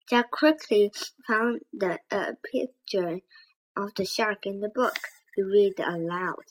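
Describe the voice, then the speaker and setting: Woman slowly reading a children's book. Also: mid-range voice, rough recording. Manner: slow careful reading with small slips and restarts. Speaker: narrator reading aloud.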